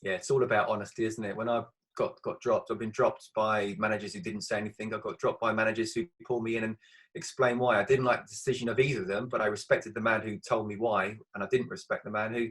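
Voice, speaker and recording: A male interviewer asks his questions in a quick, conversational way. He sounds thoughtful as he shares his own view. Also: on the low side, level tone, fairly bright tone, poor audio. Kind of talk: casual interview.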